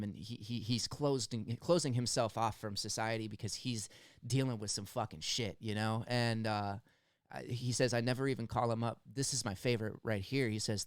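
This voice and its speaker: A young man from the United States hosting a music reaction, talking in an earnest, halting way and near tears as he breaks down a song. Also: mid-range voice, clean tone, no echo, studio quality. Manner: earnest, halting, stumbles over words. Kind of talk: emotional song analysis.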